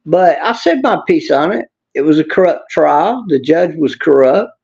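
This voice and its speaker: Gravelly blunt man ranting. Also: a little high, lively intonation, moderate pace, a little mellow, muffled recording. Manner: blunt, angry, swears, talks back to chat. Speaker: livestream host reading chat. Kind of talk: casual political livestream rant.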